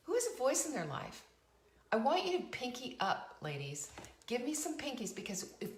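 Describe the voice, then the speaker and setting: Middle-aged woman host, lively preachy motivational delivery, echoey room. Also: fairly high pitch. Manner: emphatic, preachy, repeats phrases, asks the audience questions. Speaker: show host. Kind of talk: motivational talk to a live online audience.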